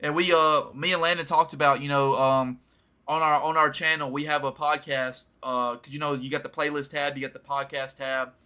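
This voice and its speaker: A man hosts a casual podcast in a bright, forward voice set a touch above the usual male pitch. He is laid-back and laughs easily, and he mimics other people's lines as he retells what happened. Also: level tone, moderate pace, smooth. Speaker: podcast host. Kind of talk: casual chat.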